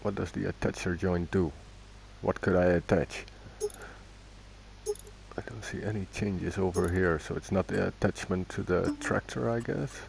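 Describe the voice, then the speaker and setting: A man's voice: low voice, unhurried, vocal fry, a little mellow, slight background noise. A man casually commenting on his own gameplay, thinking aloud as he goes and correcting himself along the way. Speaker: gaming video host.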